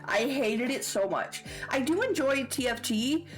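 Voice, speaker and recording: A woman's voice: sits high, lively intonation, a little slow, faint music behind. A woman with a Southern American accent chatting casually on a livestream, playful and giggly with squealy outbursts. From Southern United States. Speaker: streamer.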